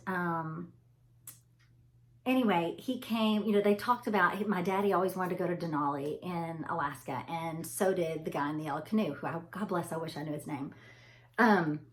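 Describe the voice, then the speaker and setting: A woman telling a personal family story to her viewers, heartfelt and emotional, with a loose, rambling delivery full of fillers. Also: fairly low pitch.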